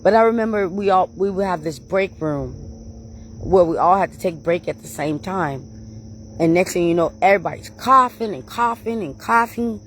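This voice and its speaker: A woman hosting her own channel, telling stories to her viewers in a casual, animated way, laughing often and calling them y'all. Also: on the low side, normal speed, a little hiss or hum. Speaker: channel host.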